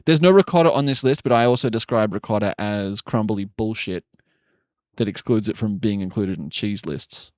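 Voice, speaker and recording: A man's voice: on the low side, moderate pace, darkish tone, dry recording, studio quality. A man chatting casually on a live stream, rambling and joking, with frequent swearing. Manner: rambling, jokey, swears often.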